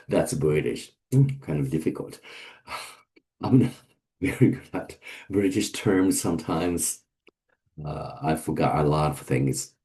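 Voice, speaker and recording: A man's voice: rumbling low, expressive, slow pace, long pauses, dark tone. A man giving a casual vocabulary lesson, hesitant with many fillers as he lists word pairs one by one. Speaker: English teacher.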